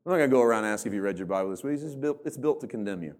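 A man's voice: lowish voice, animated, rapid-fire, darkish tone. Self-mocking male pastor preaching. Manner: humorous, self-mocking, acts out church members in put-on voices. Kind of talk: sermon. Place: church.

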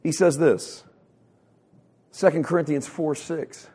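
A male pastor delivering a sermon with passion, swinging from loud bursts to hushed lines and repeating words as he builds emphasis. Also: on the high side, slow pace, breathy edge. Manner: impassioned preaching with sharp swings from loud to hushed.

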